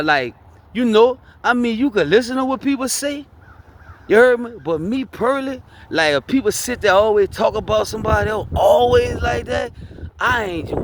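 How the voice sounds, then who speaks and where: A man's voice: high voice, a bit bright, slight background noise, rough recording. A man giving a casual spiritual pep talk in street slang, emphatic and testimonial, who keeps asking "you heard me?".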